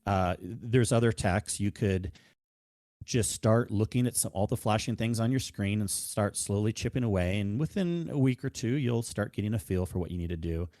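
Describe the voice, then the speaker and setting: A man guesting on a gaming podcast, calm, patient and soft-spoken. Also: on the low side, normal speed, dry recording, clean studio sound. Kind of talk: casual gaming podcast chat.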